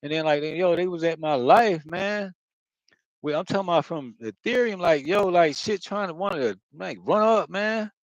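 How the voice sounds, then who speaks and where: A man's voice: high-pitched, moderate pace, no echo, poor audio. A man talking in a loose, rambling monologue, swearing often and circling back with lots of filler phrases. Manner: repeats himself, circles back. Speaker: spiritual video host.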